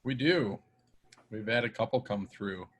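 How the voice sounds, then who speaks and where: A man's voice: fairly low pitch, a little slow, fairly bright tone, slight background noise. A man moderating a webinar over a video call, easygoing as he reads out audience questions.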